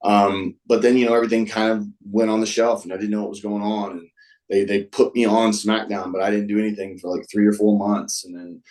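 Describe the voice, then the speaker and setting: A man with a fairly low voice, telling stories as a guest on a show. His speech is casual and rambling. He restarts sentences often and leans on fillers like "um" and "like.". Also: flat delivery, brisk, darkish tone, rough recording. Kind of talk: casual storytelling.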